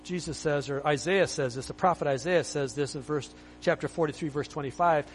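A man's voice: fairly high pitch, fairly quick, few pauses, soft background music, low-quality recording. A man preaching a sermon as pastor, emphatic and exhorting, full of rhetorical questions.

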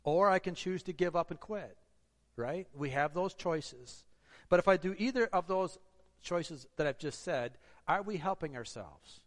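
Man, sermon, earnest exhortation, slightly high voice, long hall echo. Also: lively intonation, unhurried. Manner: earnest, exhorting, with rhetorical questions. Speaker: preacher.

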